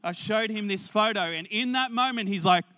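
Bright-voiced pastor telling a story. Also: male voice, high voice, moderate pace. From Australia. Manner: animated, acts out dialogue in character voices. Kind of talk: storytelling sermon.

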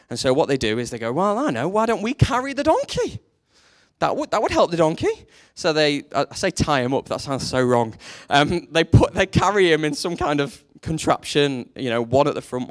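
A man preaching a sermon, telling a story with lively energy and briefly acting out the characters in it. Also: medium pitch. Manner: animated storytelling, acts out quoted characters.

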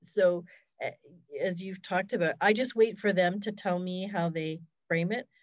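A woman's voice: fairly low pitch, unhurried, no echo, lo-fi sound. A woman, a hospice fundraiser, telling stories in a casual, reflective interview over a video call.

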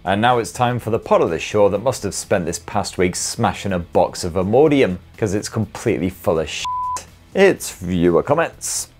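A man's voice: on the low side, brisk, few pauses. A British man hosting a tech video, reading viewer comments in a cheeky, sweary, jokey way.

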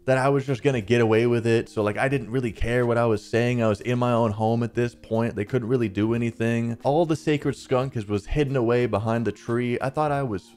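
A man's voice: mid-range voice, steady tone, a little fast, hardly any pauses, a little mellow. A man in his twenties, the channel's host, telling a personal story in a chatty, rambling way over gameplay. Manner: chatty, rambling, peppered with "like" and "dude".

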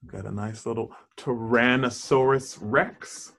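Man reading a picture book aloud, lively and unhurried. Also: medium pitch, husky. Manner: warm, encouraging, asks listeners questions and points at pictures; lingers playfully on single words. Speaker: storybook reader for children. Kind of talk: children's picture-book read-aloud with chatty asides.

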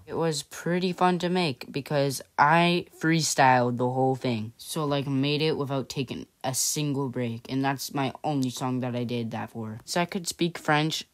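A chatty vlog host with a mid-range voice, neither high nor low. The talk is loose and offhand, full of "and yeah" and "honestly" as it rambles through a casual recap. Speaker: channel host.

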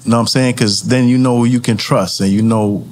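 A man's voice: medium pitch, fairly even intonation, brisk, darkish tone, slight background noise. Laid-back Brooklyn man talking hip hop. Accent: New York. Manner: laid-back, streetwise talk full of "you know what I'm saying". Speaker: guest rapper. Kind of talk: casual podcast chat.

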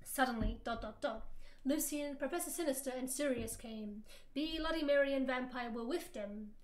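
A woman streamer reading fan fiction aloud for laughs, with theatrical, loud, overblown quotes. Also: sits high, normal speed.

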